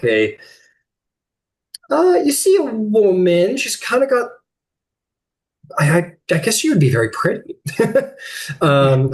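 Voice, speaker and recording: A man narrating a tabletop game as game master, rambling and correcting himself as he describes scenes. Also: mid-range voice.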